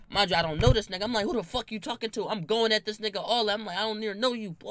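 A man's voice: sits high, fast, few pauses, noisy background. A young man telling a story in casual slang, acting out the voices of the people in it. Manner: animated, acts out quoted voices, slangy.

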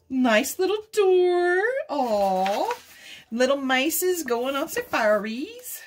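A woman's voice: fairly high pitch, expressive, takes it slowly, a little hiss or hum. A middle-aged woman hosting a craft vlog, cooing and giggling as she unboxes gifts. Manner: gushing, coos and giggles. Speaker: craft channel host.

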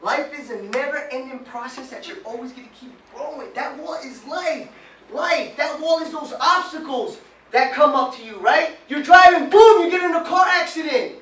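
A man gives a lively motivational talk to a small group, firing questions at them and mimicking whiny complaints. His voice sits high and carries through a roomy space. It is heard from a distance against faint background noise. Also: moderate pace. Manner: animated, quizzes the audience, mimics whiny voices. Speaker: motivational speaker.

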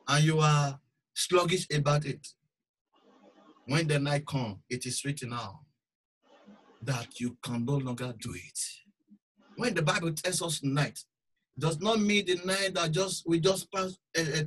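A bright, high-voiced man preaching. He moves between loud, urgent exhortation and quiet, low asides. His tone stays sharp and forceful throughout. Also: unhurried, low-quality recording. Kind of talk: sermon.

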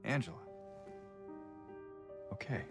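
An actor voicing a weary, guarded man in a video game, speaking in a subdued, measured way. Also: lightly acted. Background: game music.

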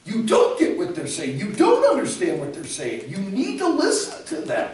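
A man's voice: sits high, wildly swooping pitch, moderate pace, a little mellow. A man giving a classroom lecture on ministry, emphatic and speaking directly to his students. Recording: echoey room, mic far off.

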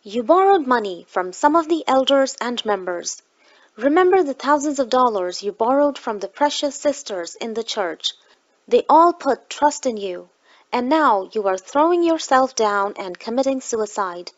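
A woman voicing a stern divine voice that scolds a man, speaking slowly and solemnly. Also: a little high, animated, dull audio.

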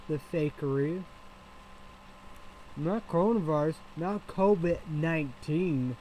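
A man's voice: fairly high pitch, a little slow, long pauses, mellow, a little hiss or hum, rough recording. A man talking in a loose, rambling vlog, circling back on himself and swearing freely. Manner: rambling, repetitive, with frequent swearing. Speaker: vlogger.

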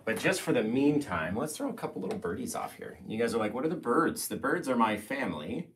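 A young male painting instructor streaming a live tutorial from his easel. His voice rises and falls in a lively way, mostly gentle and hushed while he works, then breaks into loud playful outbursts. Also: mid-range voice, fairly quick, a little hiss or hum. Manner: soft-spoken, bursts into playful loud radio voice.

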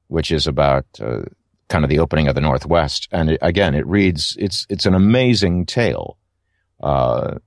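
A man's voice: rumbling low, creaky, no echo, studio quality. A middle-aged man, an audiobook narrator, giving thoughtful, rambling interview answers with many fillers and restarts.

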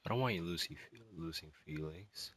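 A distraught young male student in an emotional spoken monologue, rambling and halting, with many sighs and fillers. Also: low-pitched, a bit bright, a little hiss or hum, low-quality recording.

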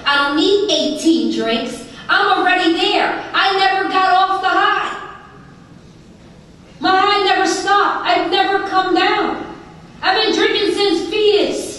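A woman's voice: extremely high pitch, a bit bright. A woman giving an emphatic personal testimony at a recovery meeting, with rhythmic repeated lists. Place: large conference hall. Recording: very echoey hall, voice from far off.

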